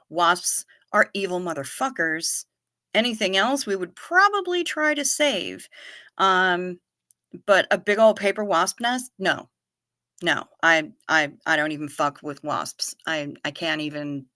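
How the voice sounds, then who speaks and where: A woman chats on her livestream, her voice bright and forward. She rambles, trips over restarts and swears freely while she answers viewers. The sound is dry and close, with no room around it. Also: on the low side, no room sound. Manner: rambling, stammering restarts, profane and animated. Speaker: livestream host. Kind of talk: casual chat reading viewer comments. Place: home, livestream without camera.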